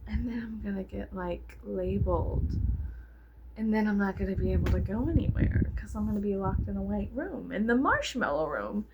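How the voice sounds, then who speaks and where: A woman's voice: mid-range voice, lively intonation, normal speed, lo-fi sound. A woman in her thirties rambling casually to camera in a vlog. She mocks herself, swears freely, giggles and drops into whispers. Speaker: vlogger. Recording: noisy home recording with clicks.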